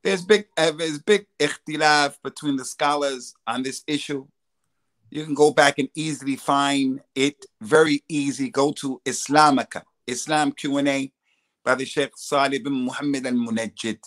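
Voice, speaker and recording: A man answering questions as a religious scholar on a live stream, explaining at length and reciting Arabic quotations quickly. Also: medium pitch, steady tone, fairly bright tone.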